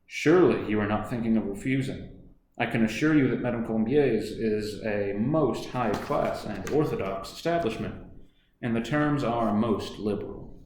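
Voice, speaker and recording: A man voicing a smooth, scheming middle-aged businessman in a storybook reading, coaxing in manner. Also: fairly low pitch, normal speed, darkish tone, a little hiss or hum, close to an everyday voice. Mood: smooth persuasive. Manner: suave, coaxing, then menacing. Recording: echoey room.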